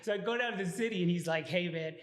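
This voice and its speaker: A man with a Texan accent, a restaurant owner telling his story as a guest in a casual chat, animated and laughing as he acts out the dialogue. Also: high voice, fast.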